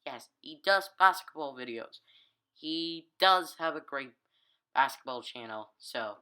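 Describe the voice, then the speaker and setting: Slow, halting gaming commentator. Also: male voice, on the high side, expressive, pushed and bright, clear, resonant tone, low-quality recording. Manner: rambling, halting, self-correcting. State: tired, yawning. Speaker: gaming YouTuber. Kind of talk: casual game commentary.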